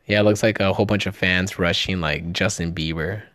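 Excitable profane man in a dry room. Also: sits low, a little fast, no room sound. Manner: excited, jokey, profane, stumbling over words. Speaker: podcast host. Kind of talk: casual trailer breakdown chat.

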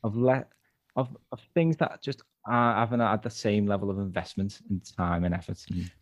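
A man's voice: fairly low pitch, fairly even intonation, moderate pace, no echo. A man with a Liverpool accent, a guest author talking earnestly in a casual interview, often restarting his phrases. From Liverpool, England.

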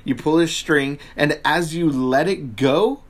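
A man's voice: a little high, measured pace. A man co-hosting a casual chat, telling a story in a dry, wry way. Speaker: podcast co-host.

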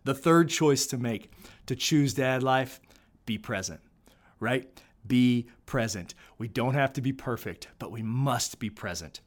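A man's voice: mid-range voice, a little slow. A middle-aged man giving an earnest motivational talk to fathers, repeating his key points and often checking in with "right?". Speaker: speaker on fatherhood.

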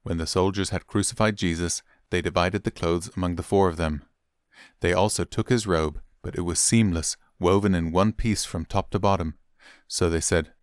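Man, Bible reading, steady clear narration, very low voice, dry close sound. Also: moderate pace, dry recording. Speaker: Bible reader. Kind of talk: scripted scripture reading.

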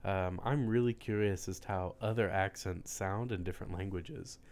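A man co-hosting a casual sports podcast, measured and making joking asides. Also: low-pitched, darkish tone. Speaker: podcast co-host.

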